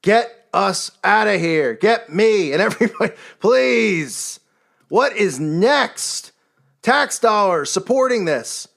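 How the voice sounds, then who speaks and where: High-voiced man ranting indignantly. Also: lively intonation, takes it slowly, creaky, fairly bright tone. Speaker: online commentator. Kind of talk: religious commentary rant.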